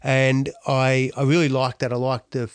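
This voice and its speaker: Animated Australian man telling a story. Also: medium pitch, normal speed, smooth, no echo. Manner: animated, slangy, self-deprecating storyteller. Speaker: former Paralympic athlete. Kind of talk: storytelling talk.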